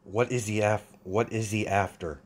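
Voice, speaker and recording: A man's voice: fairly low pitch, steady tone, moderate pace, close to an everyday voice. A man voicing a wary, puzzled young princess in an improvised fan story, asking suspicious questions.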